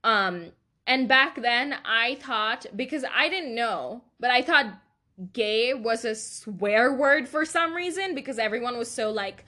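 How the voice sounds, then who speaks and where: Young female podcast host, slightly high voice, casual and confessional, giggly, rambling. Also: expressive, moderate pace, bright, forceful tone. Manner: chatty, laughs often, rambling asides.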